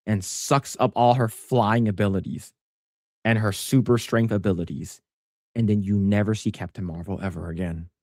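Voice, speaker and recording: A man co-hosting a casual podcast chat who rambles with many restarts and stammers and gets animated when pressing a point. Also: fairly low pitch, no room sound, clean studio sound. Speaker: podcast co-host.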